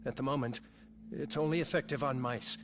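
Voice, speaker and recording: A man's voice: mid-range voice, fairly even intonation, fairly quick, noisy background, close to an everyday voice. An actor playing a tense, guilt-ridden male scientist who talks in a hesitant, earnest way, in dubbed game dialogue. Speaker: research scientist. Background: dramatic game music.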